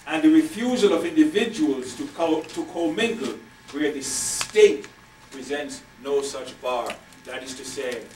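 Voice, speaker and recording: An older man lecturing as a university professor, measured and emphatic, repeating his key phrases. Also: medium pitch, slight background noise. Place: lecture hall. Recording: echoey lecture hall from far off.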